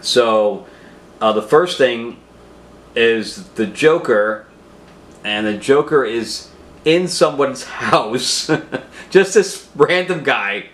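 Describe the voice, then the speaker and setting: A man's voice: medium pitch, lively intonation, drawn-out words, long pauses, fairly bright tone, roomy sound. A man casually talking through a comic book review, rambling with frequent filler sounds and restarts.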